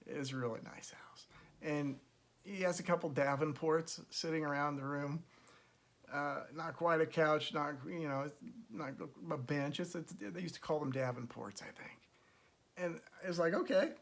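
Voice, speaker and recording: A middle-aged man hosting his own show, telling a story in a casual, animated way and acting out the voices he quotes. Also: on the high side, normal speed, creaky. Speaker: host.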